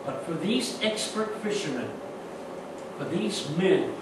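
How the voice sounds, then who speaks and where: A man preaching a sermon earnestly, swinging from loud emphatic peaks to soft reflective asides with frequent restarts, recorded from a distant mic in an echoey church with background noise. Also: sits high, expressive, slow pace. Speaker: pastor. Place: church sanctuary.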